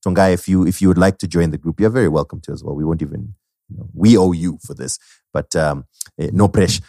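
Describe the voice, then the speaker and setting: A man's voice: deep voice, quick pace, vocal fry, no echo, studio quality. A man co-hosting a podcast, wrapping up the episode with playful plugs and jokes. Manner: playful, lively, joking. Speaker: podcast co-host.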